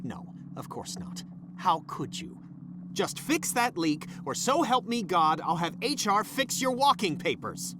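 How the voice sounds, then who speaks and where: Testy bossy scientist, high lively voice, video game dialogue, noisy game audio. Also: male voice, unhurried. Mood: angry. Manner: snapping insults, then grudging apologies. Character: irritable bossy male scientist, short-tempered. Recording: game audio with background noise.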